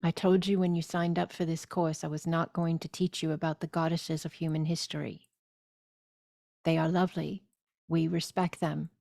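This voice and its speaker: A woman leading a spiritual course, speaking deliberately and soothingly with loud gasping inhales and repeated phrases. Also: deep voice, little pitch movement, creaky, no room sound, studio quality. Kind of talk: slow guided spiritual teaching.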